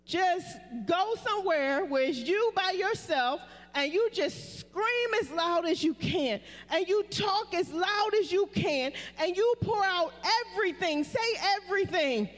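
Woman pastor, very high voice, call-and-response sermon, long church reverb. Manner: preaching with call-and-response prompts to the congregation. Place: church sanctuary.

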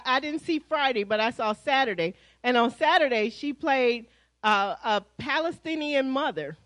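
A woman pastor with an American accent giving lively, chatty church announcements to her congregation, calling them y'all. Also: high voice, dry recording, low-quality recording. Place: church sanctuary.

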